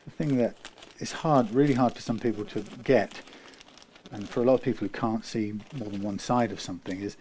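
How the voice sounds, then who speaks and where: Mellow man rambling aloud while working. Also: on the low side, brisk, a little hiss or hum. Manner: rambling, thinking aloud, trails into quiet muttering. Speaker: guitar technician. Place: guitar workshop.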